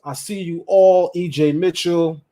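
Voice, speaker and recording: High-voiced man hosting a casual livestream. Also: unhurried. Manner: animated, talks straight to chat and viewers, repeats lines for emphasis. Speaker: livestream host.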